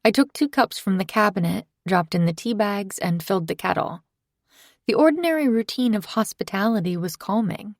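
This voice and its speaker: A woman reading a first-person thriller in steady, scripted narration. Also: mid-range voice, normal speed, no room sound, studio quality. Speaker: audiobook narrator.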